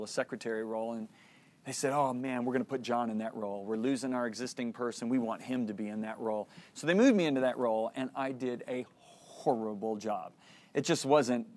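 A middle-aged man teaching a Christian lesson, telling a personal story in an earnest way and acting out the lines of the people in it. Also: medium pitch. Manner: earnest storytelling, acts out dialogue.

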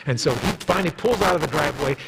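Storytelling male pastor, slightly high voice. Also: animated, very fast, long reverb tail, heavy background noise. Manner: storytelling, acting out quoted voices in a higher pitch. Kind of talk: sermon. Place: church sanctuary.

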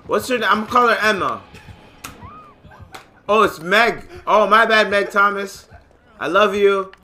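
A man casually commentating his gameplay, excitable and joking, with loud profane outbursts. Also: sits high, unhurried, soft background music. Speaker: gamer and channel host.

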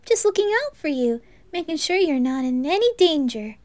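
A woman's voice: high-pitched, lively intonation, normal speed, a little mellow, pitched above the performer's own voice. A woman voicing a cheerful, eager young boy in a whispered role-play. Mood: excited.

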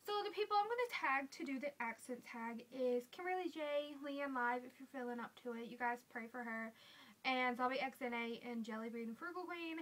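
A woman's voice: sits high, brisk, a bit bright. A young woman with a Southern US accent, chatting casually to camera as a beauty vlogger, reading out questions and answering them.

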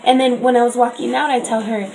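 A woman's voice: on the high side, fairly even intonation, fast talker, vocal fry, noisy background. A young woman and mother telling a chatty, upset story in a casual vlog, often asking "you know what I mean". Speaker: vlogger and mother.

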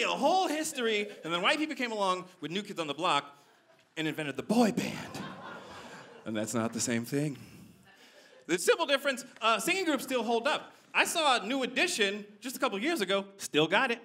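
A man doing a stand-up comedy set on a club stage, animated, swinging from loud punchlines to low asides. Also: a little fast.

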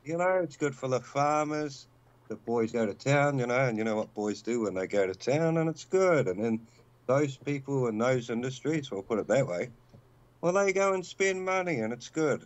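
A New Zealand man talks bluntly and at length as a caller, wandering from point to point. His voice sits in a middle pitch. The call audio is dry and a bit dull and lo-fi. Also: expressive, moderate pace, dry recording. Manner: rambling, blunt, opinionated. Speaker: guest caller. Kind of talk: casual call-in chat.

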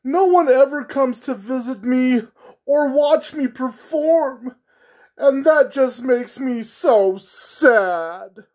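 Someone doing a whiny high sad clown. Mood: mournful. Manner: loud, whiny, drawn-out clown voice. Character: sad lonely circus clown, male.

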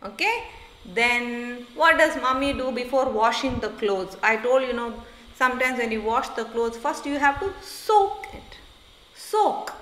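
A woman teacher, slowly sounding out and repeating words in a phonics lesson for young children. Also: fairly high pitch, expressive, fairly bright tone. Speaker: primary school teacher. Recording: echoey room.

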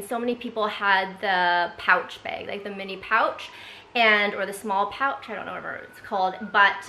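A woman's voice: mid-range voice, sharp tone, roomy sound, rough recording. A woman vlogger chatting casually through an unboxing, rambling with lots of filler words. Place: home room indoors.

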